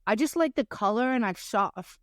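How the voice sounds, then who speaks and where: A woman's voice: on the high side, lively intonation, fairly quick, dry recording, studio quality. A woman hosting a business podcast, chatty, blunt and opinionated in casual interview talk. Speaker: podcast host.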